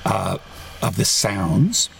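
A man talking as a guest author on a podcast, rambling, correcting himself mid-sentence and getting animated. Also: on the low side, extremely slow, gravelly, a little hiss or hum. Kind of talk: podcast conversation.

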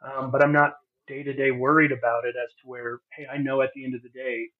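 A medium-pitched man speaks quickly in a level tone while opening up about his life as a podcast guest, earnest and heartfelt. He stumbles through many fillers and restarts, with the recording carrying a narrow, phone-like quality.

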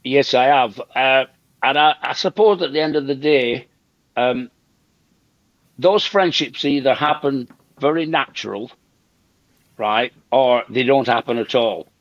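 Captured in a dry, lo-fi recording, an older guest comedian with a medium-pitched voice tells a story at a measured pace during a relaxed conversation. He's lively, repeats lines to drive points home, and performs the quoted dialogue.

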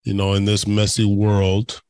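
A man hosting a casual conversation, speaking in a halting, reflective way. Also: fairly low pitch, completely flat delivery, darkish tone, clean tone, no room sound.

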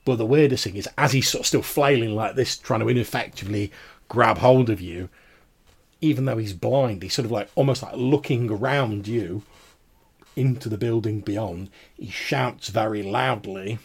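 A man's voice: fairly low pitch, normal speed, creaky, slightly rough. A man narrating as game master of a tabletop role-playing game, rambling with lots of fillers.

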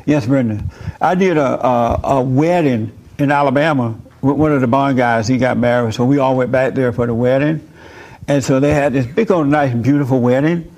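A man's voice: mid-range voice, moderate pace, a little mellow. A man hosting a faith discussion, telling stories with a joking manner and turning preachy when he explains. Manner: joking, chuckles through stories. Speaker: host leading a faith discussion. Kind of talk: casual chat.

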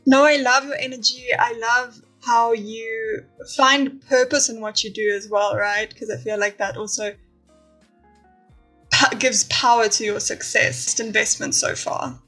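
A woman's voice: on the high side, steady tone, a little slow, bright, forceful tone, breathy edge, soft background music, poor audio. A woman co-hosting a podcast who speaks in an upbeat, encouraging way. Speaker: podcast co-host. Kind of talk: casual interview chat.

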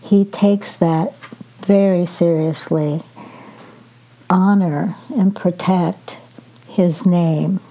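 An older woman hosting a devotional podcast, reading a psalm and reflecting on it in a gentle, measured way with pauses. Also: fairly low pitch, steady tone. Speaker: podcast host reading scripture.

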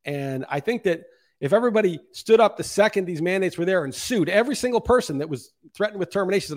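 A man's voice: sits high, expressive, fast. A middle-aged man hosting a solo podcast, delivering an impassioned, profane rant. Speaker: podcast host. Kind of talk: monologue podcast commentary.

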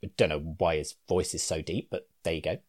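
A man's voice: a bass voice, steady tone, fairly quick, darkish tone. A man explaining clinical guidance to fellow clinicians in a reasoned, conversational way with asides. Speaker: clinician educator.

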